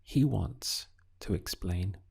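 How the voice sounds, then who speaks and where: A man teaching a recorded language lesson, asking slow, deliberate questions and pausing for the learner to answer. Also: sits low, gravelly, darkish tone, husky. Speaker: Spanish teacher.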